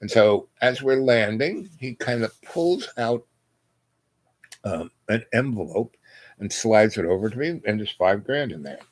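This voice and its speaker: A man's voice: on the low side, animated, measured pace. A man telling a rambling personal anecdote in a casual way, acting out the dialogue and tossing in asides. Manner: rambling, acts out dialogue, frequent "you know" and "right?". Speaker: storyteller.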